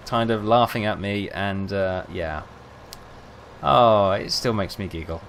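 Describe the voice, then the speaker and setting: A man's voice: mid-range voice, normal speed, fairly bright tone, slight background noise. A young man rambling casually, telling self-mocking stories over gameplay. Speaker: gaming video host.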